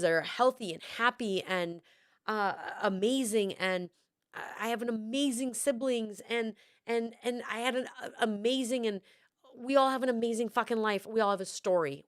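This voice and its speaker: A woman's voice: mid-range voice, no echo. Woman in her forties, podcast host, candid personal talk, swears a lot, emotional, dry close sound. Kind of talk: casual personal monologue.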